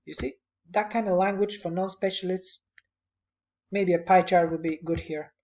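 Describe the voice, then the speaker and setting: A man's voice: high voice, fairly even intonation, moderate pace, darkish tone, lo-fi sound, slight background noise. A male instructor giving conversational, encouraging spoken feedback to a student on a presentation, speaking at his computer.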